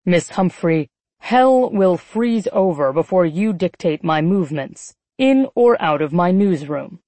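A woman's voice: on the low side, lively intonation, unhurried, mellow, no room sound. Woman voicing a cold arrogant male boss. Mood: cold, condescending. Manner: clipped, menacing, condescending.

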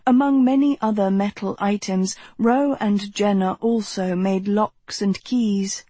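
A woman reading fiction aloud at an unhurried, measured pace. Her voice is husky, and the close recording sounds dry with no room around it. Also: mid-range voice, fairly even intonation, dark tone, no echo. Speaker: audiobook narrator. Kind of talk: scripted narration.

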